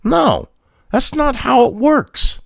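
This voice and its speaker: A man's voice: very high-pitched, sing-song, slow pace, creaky, a bit bright, dry recording, clean studio sound. A man, hosting a profane rant reacting to a news article, angry and mocking and swearing constantly. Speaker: political commentary host.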